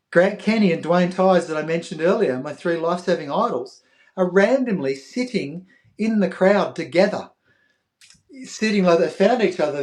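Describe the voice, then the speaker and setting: A middle-aged Australian man telling an emotional story as a podcast guest, animated, acting out other people's voices and dropping soft at tender moments. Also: sits high. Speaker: podcast guest, former athlete.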